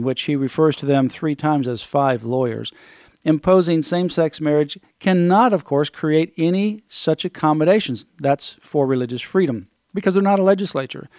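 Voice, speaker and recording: A man's voice: a little high, normal speed, darkish tone, no room sound, clean studio sound. A man hosting a talk radio show, earnestly reading out quotes and commenting on them. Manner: earnest, reads quotes aloud. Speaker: radio host.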